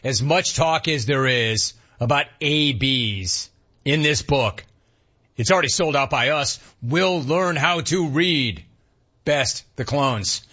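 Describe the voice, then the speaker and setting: A man with a medium-pitched voice hosts a radio talk show, taking his time as he riffs animatedly and reads listener emails aloud in a mock-incredulous way. The sound quality is lo-fi.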